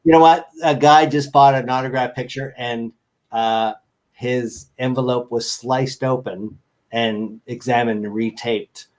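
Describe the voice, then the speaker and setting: A man's voice: mid-range voice, fairly even intonation, a little slow, darkish tone. Rambling joking man on a video call. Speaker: guest. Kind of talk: casual chat.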